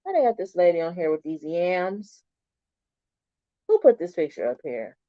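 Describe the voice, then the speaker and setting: A woman's voice: on the low side, moderate pace, no echo. Chatty woman hosting a livestream. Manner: chatty, animated, talks back to viewers' comments. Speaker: livestream host. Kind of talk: casual livestream chat. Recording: dull, slightly lo-fi stream audio.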